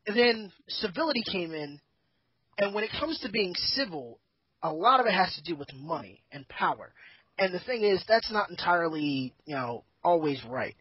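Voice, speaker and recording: A husky-voiced man holds court in a casual group chat, rambling and opinionated and cursing freely. The sound is dull and lo-fi. It's bone dry, with no room around it. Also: sits high, very animated, normal speed, no echo. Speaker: podcast host.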